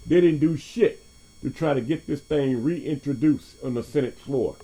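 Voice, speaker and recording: Here a podcast host speaks in a warm, mid-range voice at a normal speed. His casual monologue is loose and profane, and he laughs a lot while skipping across topics.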